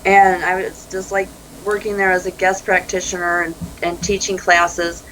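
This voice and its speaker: A woman talks through an interview in a bright, forward voice. She tells her stories animatedly, slipping into quoted dialogue and laughing easily. There is a faint hiss of noise in the background. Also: fairly low pitch, level tone, moderate pace, rough recording. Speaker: life coach, interview guest. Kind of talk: conversational interview.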